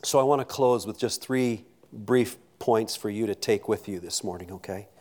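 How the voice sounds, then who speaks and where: A man's voice: lowish voice, moderate pace, darkish tone. A man preaching a sermon as pastor, earnest, with frequent restarts and stammers and questions put to the congregation.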